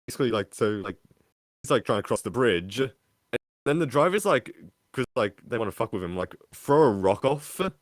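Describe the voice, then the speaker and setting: A man's voice: mid-range voice, expressive, a little fast, no room sound, studio quality. A man, a podcast co-host telling a story in casual chat, rambling and full of filler words. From Australia.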